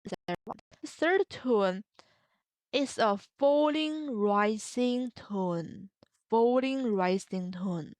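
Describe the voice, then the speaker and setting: Woman, teaching in English; very slow, patient and repetitive; smooth, clear voice, dry close sound. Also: fairly high pitch, darkish tone, no echo. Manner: repeats phrases slowly, models tones with drawn-out vowels. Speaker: Mandarin teacher. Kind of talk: slow, patient language lesson.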